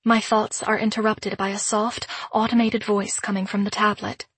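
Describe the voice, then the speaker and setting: A woman narrating a first-person audiobook in a measured, introspective way. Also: medium pitch, level tone, fairly bright tone, slightly rough, dry recording.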